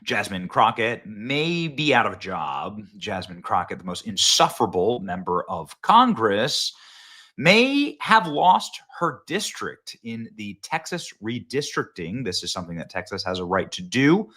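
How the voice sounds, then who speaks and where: Low-voiced guy hosting, snarky and mocking, riffing on the news. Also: measured pace. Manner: mocking, sarcastic, animated. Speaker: political commentary host. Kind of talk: casual political commentary.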